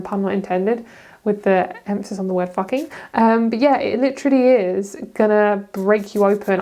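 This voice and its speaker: A woman's voice: medium pitch, darkish tone. A young woman talks through a casual tarot reading to camera. She is loose and chatty, drops swear words freely and laughs at her own slips. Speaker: tarot reader.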